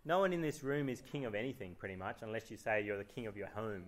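A man's voice: on the low side, expressive, fast, hardly any pauses. A man preaching a sermon in church, reading scripture aloud and asking the congregation rhetorical questions. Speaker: pastor.

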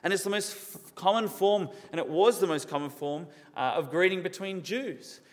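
A man's voice: high voice, normal speed. Man preaching in a reverberant hall. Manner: earnest, asks many questions, repeats words for emphasis. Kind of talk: sermon. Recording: long reverb of a large hall.

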